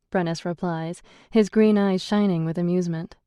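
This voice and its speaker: A woman reading a first-person audiobook narration in a slow, measured way. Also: lowish voice, steady tone, dark tone, smooth, no echo, studio quality.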